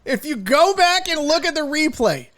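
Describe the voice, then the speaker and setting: A man's voice: extremely high pitch, very animated, moderate pace, over a noisy crowd. A man hosting a casual sports talk show, joking and rambling as he goes. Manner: joking, rambling, drifts into bits.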